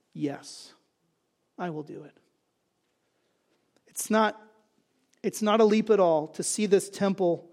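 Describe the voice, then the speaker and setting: A man's voice: high voice, a little mellow. A man preaching a sermon, emphatic, asking and answering his own rhetorical questions. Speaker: pastor.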